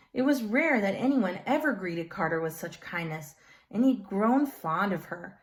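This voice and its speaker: Lady reading a kids chapter book, expressive, chats to the listeners in between. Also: medium pitch. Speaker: storyteller.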